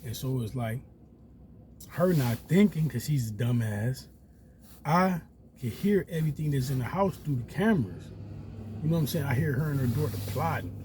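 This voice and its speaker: A man telling a story casually, animated and profane, acting out quotes in a raised voice. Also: medium pitch, moderate pace, background noise.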